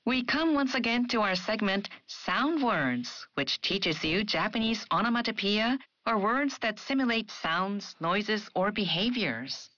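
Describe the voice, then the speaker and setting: A woman's voice: mid-range voice, lively intonation, a little slow, few pauses, sharp tone, no room sound, muffled recording. Woman presenting a scripted language lesson. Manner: clear, careful delivery of example phrases. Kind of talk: scripted educational narration.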